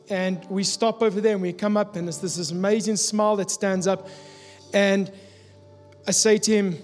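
A man preaching a sermon, telling a personal story in an earnest, confessional way, from South Africa. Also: high-pitched. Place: church hall. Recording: long hall reverb with soft music.

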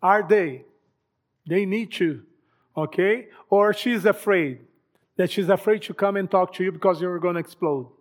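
A man's voice: high voice, unhurried. A man giving a church talk on marriage, addressing husbands directly with questions. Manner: direct, asks the men questions. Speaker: marriage ministry speaker.

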